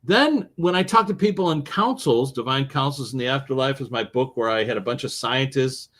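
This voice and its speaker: A man being interviewed as an author, telling stories in an animated way with wide swings in his voice. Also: mid-range voice, brisk. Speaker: author and guest. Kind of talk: interview conversation.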